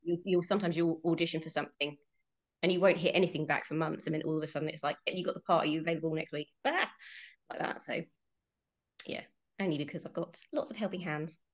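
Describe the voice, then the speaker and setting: A woman's voice: sits low, steady tone, fast talker. A British woman in her thirties, a voice actress guest, chatting casually in an interview, friendly and often laughing between fillers.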